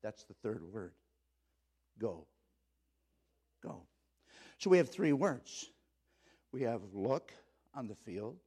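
A middle-aged man preaching a sermon as pastor, telling a story and swinging between loud exclaiming and low earnest tones. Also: very animated, a little slow, husky. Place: church.

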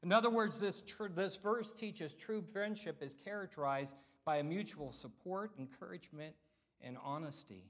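A middle-aged man preaches a sermon in a relaxed, conversational style. His voice sits fairly high for a man. He restarts phrases, repeats himself and calls out to the congregation as he goes. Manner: conversational preaching with repetitions and call-outs. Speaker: pastor.

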